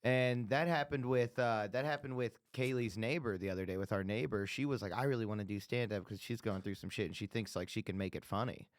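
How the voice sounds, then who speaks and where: A man's voice: lowish voice, fairly quick, few pauses, dry recording, clean studio sound. A man co-hosting a podcast in casual chat, laid-back and agreeable as he reacts and weighs in. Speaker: podcast co-host.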